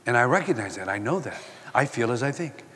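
An older man giving a sermon-style talk, telling personal stories and quoting scripture in an animated way. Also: mid-range voice, fast talker, in a large hall. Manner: animated storytelling, quoting scripture and acting out exchanges. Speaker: Christian speaker.

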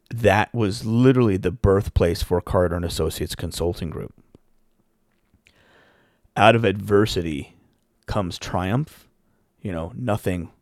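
A man casually telling a long personal story as a podcast host, rambling with frequent restarts and throat-clearing. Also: sits low, darkish tone, dry recording, clean studio sound.

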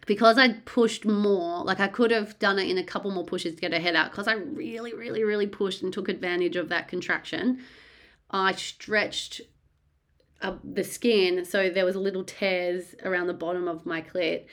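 A woman's voice: on the low side, fairly bright tone. A woman hosting a podcast, telling a personal story in a rambling, blunt way and swearing freely. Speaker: podcast host.

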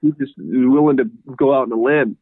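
A man's voice: medium pitch, steady tone, brisk, dry recording. A man being interviewed, telling his story in a rambling, casual way and laughing often. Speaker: guest, horse trainer. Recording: tinny phone-like line.

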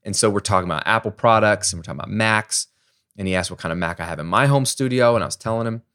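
Low-voiced man chatting on his podcast. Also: fast talker. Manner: lively, conversational storytelling with everyday examples. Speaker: podcast host. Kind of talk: casual solo podcast teaching.

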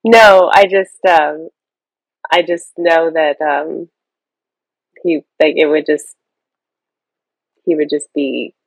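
A woman with a low, gravelly voice speaks slowly and haltingly, searching for words as a coaching client. Her sound is dry and close. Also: steady tone, no echo, poor audio. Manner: halting, thoughtful, many pauses. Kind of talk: hesitant conversation.

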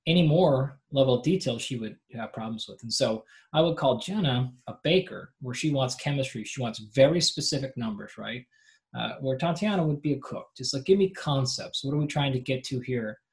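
Male coach guest, animated conversational explainer, lots of fillers, mid pitch. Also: fairly quick. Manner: animated explainer, acts out athletes' voices; frequent filler "like" and restarts. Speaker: performance coach, podcast guest. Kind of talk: casual interview conversation.

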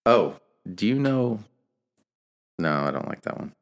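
A man, the host's husband, casually telling dad jokes on a podcast with playful deadpan punchlines. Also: on the low side, unhurried.

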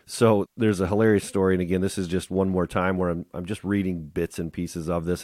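A man's voice: deep voice, a little mellow, no room sound, clean studio sound. A man hosting a leadership podcast, retelling and reading from a book in an earnest, enthusiastic way. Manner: earnest and enthusiastic, with some restarts. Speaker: podcast host.

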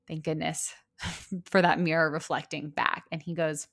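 A young woman speaks in a casual, reflective solo talk, earnest and chatty. Her voice sits slightly low for a woman, and she fills her sentences with "like" as she thinks aloud. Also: level tone, slow pace, gravelly, pauses often. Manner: chatty, earnest, many "like" fillers. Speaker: podcast host and business owner.

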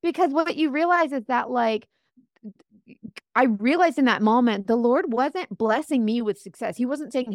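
A young woman, a guest on a podcast interview, telling a personal story in an earnest, animated way with many fillers and restarts. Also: fairly high pitch, unhurried, dry recording, clean studio sound. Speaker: guest, top makeup seller.

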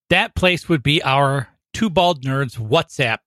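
A man's voice: mid-range voice, lively intonation, slow, fairly bright tone, no room sound. A man co-hosting a podcast in casual chat, friendly and explaining things step by step. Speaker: podcast co-host.

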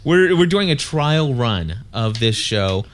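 A man's voice: mid-range voice, very animated, slow pace, slight background noise. A man co-hosting a casual podcast, talking in a playful, rambling way and often restarting his sentences. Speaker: podcast co-host. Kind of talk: casual chat.

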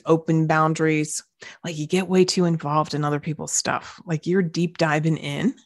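A middle-aged woman hosting a casual solo podcast as a coach, chatty and direct with quick asides. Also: on the low side. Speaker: podcast host and business coach.

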